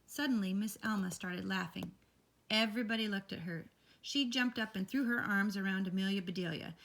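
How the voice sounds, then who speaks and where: A woman reading a children's picture book aloud, expressive and lively. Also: mid-range voice, a little fast, slight background noise. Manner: expressive, lively character voices. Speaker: read-aloud storyteller.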